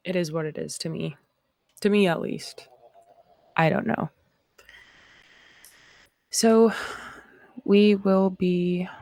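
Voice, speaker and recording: A woman's voice: lowish voice, gravelly, dark tone, dry recording. A woman from Canada with a Canadian accent, hosting a casual livestream chat in a rambling, reflective way. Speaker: host.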